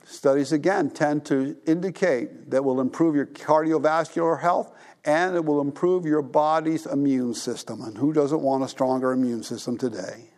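A man's voice: on the high side, fairly even intonation, moderate pace, a little mellow. Man preaching a conversational sermon. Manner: conversational preaching, asks the congregation questions. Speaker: pastor.

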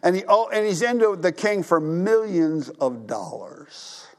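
A man with a fairly high voice delivers a sermon as pastor. He tells the story with animated emphasis, swinging his delivery and slipping into the voices of the people in it. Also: a little slow. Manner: animated, acts out characters' voices.

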